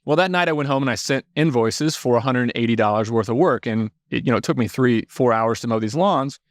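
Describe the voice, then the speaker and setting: A man from Indiana, a podcast guest telling stories in a casual, animated way, swearing freely. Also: medium pitch, a little fast, dry recording. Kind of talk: casual storytelling.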